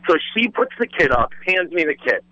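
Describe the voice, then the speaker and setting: A man telling a wild story in animated casual chat, rambling with lots of fillers and swearing freely. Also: on the high side, brisk, no room sound, poor audio. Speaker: former radio host telling a story as a guest.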